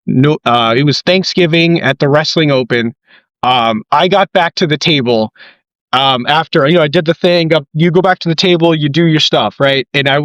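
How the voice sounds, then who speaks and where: A man hosting a casual podcast, telling stories with animated, excitable energy. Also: no echo. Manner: excitable storyteller, quoting people with big jumps in pitch. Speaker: podcast host and ring announcer. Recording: dull lo-fi dry mic.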